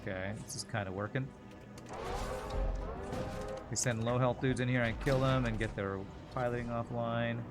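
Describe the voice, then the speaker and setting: A man's voice: medium pitch, steady tone, normal speed, long pauses, loud music behind the voice. A man streaming a video game, chatting casually and answering viewer questions while he plays. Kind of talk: casual gameplay commentary.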